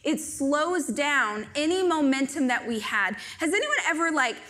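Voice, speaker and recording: A woman giving a live stage talk to an audience, telling stories in an animated, joking way. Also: high voice, unhurried. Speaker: motivational speaker.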